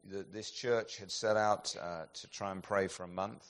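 A man preaching a sermon, telling stories with sweeping swings between loud, emphatic peaks and hushed, slowed passages. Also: deep voice, fairly even intonation.

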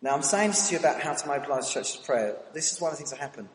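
A man's voice: a little high, animated, racing, slight background noise. A man with a British accent preaches in an anecdotal, self-mocking way, his slightly raised voice carrying a long hall reverb. Faint room ambience sits behind him. He tells the story casually, as if chatting to the congregation. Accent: British English. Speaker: church speaker. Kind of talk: storytelling sermon.

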